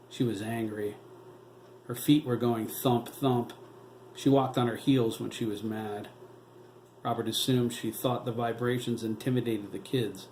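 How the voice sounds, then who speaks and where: Man narrating an audiobook in a roomy room. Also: on the low side. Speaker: author reading his novel. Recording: roomy echo, faint noise.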